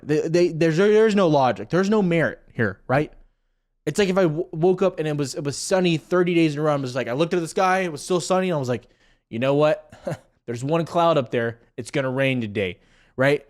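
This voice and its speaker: A young man hosting casual stock market commentary, talking straight to viewers over charts with joking asides. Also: fairly high pitch.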